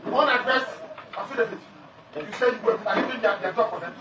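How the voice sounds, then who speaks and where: A middle-aged man protesting defiantly as a defendant in court, shouting and repeating his demands over and over. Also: very high-pitched, animated, brisk, dull audio. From Nigeria. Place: large courtroom. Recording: echoey hall from far off, crowd noise. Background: murmuring crowd in court.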